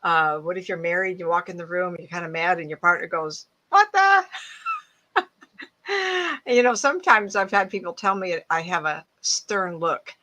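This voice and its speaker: Bright-voiced chatty woman psychic. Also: fairly low pitch, little pitch movement, brisk, hardly any pauses, lo-fi sound. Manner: chatty, laughing, anecdotal. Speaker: psychic medium guest speaker. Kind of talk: casual talk to an online audience. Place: home, mid-move. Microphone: earbuds.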